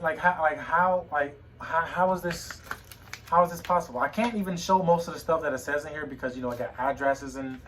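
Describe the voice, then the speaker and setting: Emotional young man, halting talk. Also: mid-range voice, a bit bright, distant mic, a little hiss or hum, poor audio. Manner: halting, repeats words, emotional. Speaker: vlogger. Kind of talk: personal vlog monologue. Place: home room.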